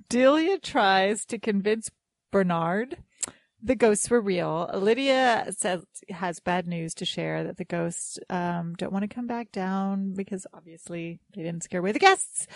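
A woman's voice: mid-range voice, dry recording. A woman hosting a casual podcast chat, chatty and laughing often between her lines. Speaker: podcast host.

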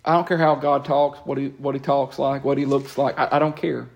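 A man, preaching a lively sermon in a church and breaking into quick asides and repeated words. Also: medium pitch, gravelly, highs cut off. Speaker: pastor. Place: church sanctuary.

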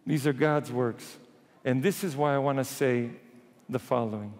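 A man preaching a sermon as a priest, retelling scripture in lively everyday voices. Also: medium pitch, moderate pace, in a large hall.

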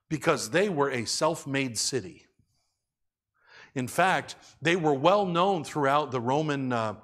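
A man preaching a sermon as a pastor, in a conversational way, asking the congregation questions. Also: mid-range voice.

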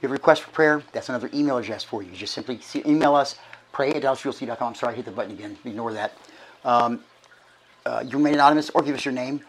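A middle-aged man gives casual church announcements as archbishop, hoarse and short of breath, chatty and folksy with halting restarts. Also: mid-range voice, low-quality recording. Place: church sanctuary.

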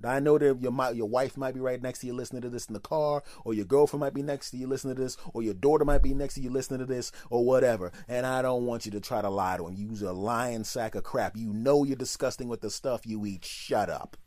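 Animated, profane male podcast host. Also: mid-range voice, quick pace, hardly any pauses, no echo, studio quality. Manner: animated, profane, acts out voices of people in his stories. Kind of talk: comedic storytelling monologue.

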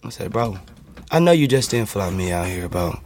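A man telling a story in casual chat, animated and acting out the voices of the people in it. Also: lowish voice, normal speed, slight background noise. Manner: animated, acts out quoted voices. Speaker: guest.

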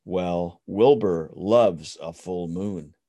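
Storybook father rabbit, calm and patient, voiced by a man, low unhurried voice, dry sound. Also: no echo, heavily acted. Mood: reassuring. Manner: reassuring, patient.

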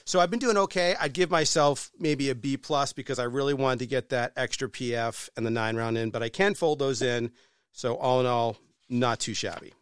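A man on a podcast telling a story in casual, animated chat, swearing freely. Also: mid-range voice, moderate pace, clear, resonant tone, no room sound, clean studio sound.

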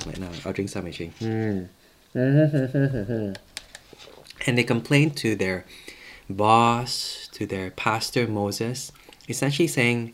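A man's voice: fairly low pitch, slow pace, a little hiss or hum. A man preaching a casual sermon from home, talking conversationally and repeating words for emphasis. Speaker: pastor.

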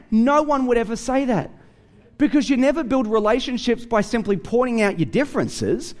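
A high-pitched Australian man preaching in a relaxed, conversational way. He tells stories and acts out the dialogue in different voices, his pitch climbing and falling as he goes. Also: normal speed. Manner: conversational, animated storytelling with acted-out dialogue. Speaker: pastor. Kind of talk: sermon with storytelling.

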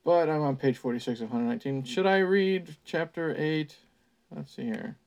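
A man reads a teen novel aloud for a podcast with weary sarcasm. He sighs and mutters asides between passages. His voice sits a little higher than most men's. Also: normal speed, gravelly, darkish tone. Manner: sarcastic asides, sighing, swearing. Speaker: podcast host reading a book aloud. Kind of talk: mocking storytime reading.

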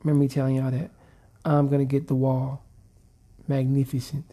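Podcast co-host, woman, deep voice, laid-back and slangy. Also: little pitch movement, fast, noisy background. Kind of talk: casual podcast chat.

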